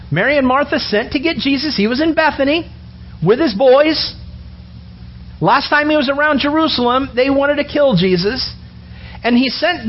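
A man preaching a sermon, animated and storytelling, acting out the characters' words as he goes. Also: very high voice, slight background noise. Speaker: pastor. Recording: dull lo-fi sound with faint ambience.

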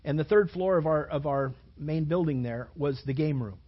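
A man preaching a sermon as a pastor, telling stories in an animated way, repeating phrases and acting out what people said. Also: fairly high pitch, normal speed, lo-fi sound. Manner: animated storytelling, repeats phrases and acts out quotes.

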